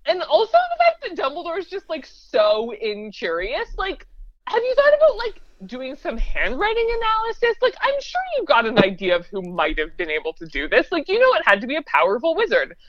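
A woman co-hosting a casual podcast chat, talking fast and laughing often. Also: sits high, wildly swooping pitch, no room sound, dull audio. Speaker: podcast co-host.

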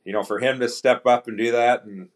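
A middle-aged man, a retired hockey player, telling stories as a podcast guest in a relaxed, anecdotal way and acting out quoted dialogue. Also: mid-range voice, brisk. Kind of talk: casual storytelling interview.

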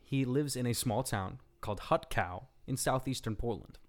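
A man's voice: mid-range voice, moderate pace. A young man hosting a casual podcast, telling a story and joking with his co-host, often breaking into laughter.

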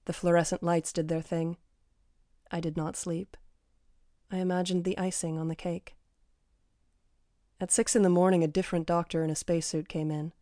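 Dry-voiced woman reading memoir, low and mellow. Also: moderate pace, pauses often, no room sound. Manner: dry, understated delivery with deadpan asides. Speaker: author reading her memoir. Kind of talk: first-person memoir reading.

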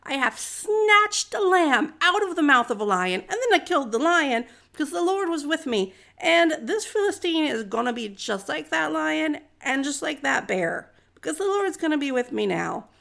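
A woman's voice: high-pitched, big pitch swings, moderate pace, gravelly, few pauses, bright, forceful tone, voice pushed up, full character voice. A woman voicing a bold young shepherd boy who boasts defiantly in a storytelling retelling.

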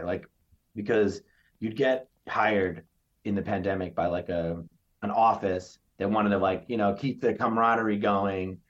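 Brief: male comic guest, low voice, animated anecdotes, dull audio. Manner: animated storyteller, acts out quotes. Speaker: stand-up comedian, podcast guest. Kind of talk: casual interview chat. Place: New York area.

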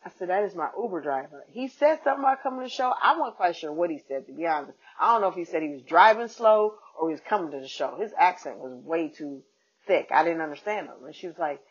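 A woman's voice: fairly low pitch, lively intonation, quick pace, husky, lo-fi sound. A woman comedian hosting her own show, chatting in a slangy storytelling way and sounding tired. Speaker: comedian and podcast host. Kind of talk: casual monologue.

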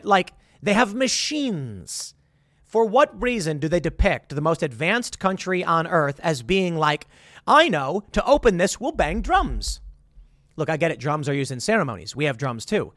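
Sounding incredulous and sarcastic, a male commentator rants about a movie at a moderate pace in a high voice that swings around animatedly. He keeps stumbling and restarting, and the close, dry recording carries no room sound.

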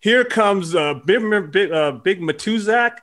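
A man's voice: high-pitched, unhurried. A man hosting a casual sports chat, telling stories with lots of fillers. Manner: animated storyteller with lots of fillers. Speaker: podcast host.

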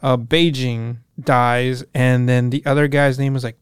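A young man co-hosting a podcast, casually recapping a show in a profane, animated way and acting out the characters' lines. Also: mid-range voice, a little slow, smooth, dry recording, studio quality. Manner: profane, animated retelling with quoted voices. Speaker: podcast co-host.

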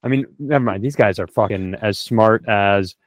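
A man's voice: on the low side, moderate pace, dry recording. A man on a podcast doing improvised comedy banter, profane and full of mock threats. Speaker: podcast co-host.

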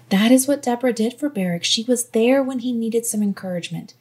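Gentle, breathy woman teaching scripture. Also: a little high, brisk. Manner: earnest, gently encouraging. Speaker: Bible teacher. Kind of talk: devotional Bible teaching.

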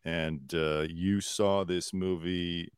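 A lower-pitched man hosts a loose comedy podcast, joking around and swearing freely between topics. His voice sits close and dry on the mic, with almost no room sound around it. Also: steady tone, slow pace, clean tone, no room sound. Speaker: podcast host. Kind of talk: casual comedic chat. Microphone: desk mic with headphones.

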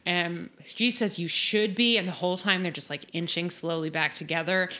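A woman's voice: on the low side, fairly even intonation, moderate pace, sharp tone. A woman co-hosting a podcast, chatting casually and animatedly as she retells scenes. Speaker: podcast co-host. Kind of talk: casual recap chat.

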